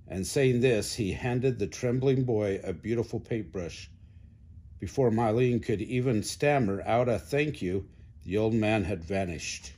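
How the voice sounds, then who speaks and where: Grandpa reading a picture book, real slow and soft, low-ish voice. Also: male voice, slightly rough. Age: older. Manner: slow gentle reading with small asides to a listener. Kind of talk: storybook read-aloud.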